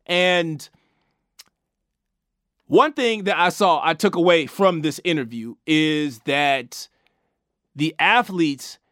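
A man with a high voice hosts a casual sports talk segment. He argues his points emphatically, restarting sentences and dropping slang as he goes. The sound is dry and close, with no room echo. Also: takes it slowly, pauses often, bright, forceful tone. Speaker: sports talk show host.

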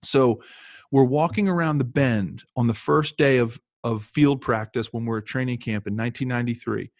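A former football player telling lively anecdotes in casual chat, with many fillers and restarts. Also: male voice, mid-range voice, normal speed, dry recording.

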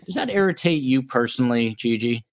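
A man's voice: medium pitch, lively intonation, fairly quick. A man from New Jersey hosting a true-crime podcast in casual chat, reading out viewer comments. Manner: chatty, reads out viewer comments. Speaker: podcast host.

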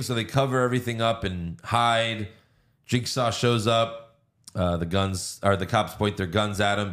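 A man with a low voice casually walking through a movie plot on a podcast. He talks loosely, full of "uh" and "like", now and then swearing. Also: a bit bright. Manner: recounts plot with fillers and acted quotes. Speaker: podcast co-host. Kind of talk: casual film recap.

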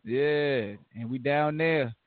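Joking podcast host on a tinny line. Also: male voice, medium pitch, slow pace, no echo. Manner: playful, loose, laughs often. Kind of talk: casual sports call-in banter. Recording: tinny phone-line sound with faint noise.

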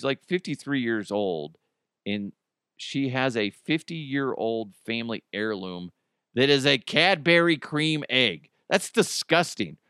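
A man's voice: medium pitch, a bit bright, clean tone, no echo, studio quality. A middle-aged man hosting a podcast in casual chat, rambling and joking, swearing freely and laughing often. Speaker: podcast host.

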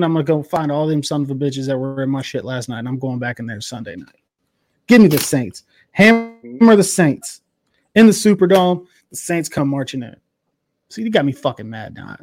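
A man's voice: medium pitch, no room sound. A man co-hosting a casual sports podcast, swearing freely and working himself up as he rants about football fans. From Cincinnati area. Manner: profane, worked-up ranting. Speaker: podcast co-host.

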